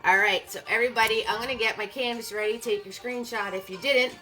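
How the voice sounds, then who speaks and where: A woman's voice: on the high side, fairly even intonation, fast, pushed and bright, faint music behind, poor audio. A woman hosting a live-streamed painting class, upbeat and greeting viewers by name as they join.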